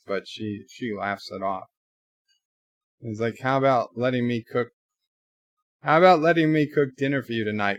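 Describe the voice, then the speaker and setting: A man reviews an episode live in a relaxed, unhurried way, retelling scenes and slipping in quoted dialogue with offhand comments. His speech is slow and recorded close and dry, with an everyday middle pitch. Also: dry recording. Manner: casual plot retelling with quoted lines and asides. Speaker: show reviewer.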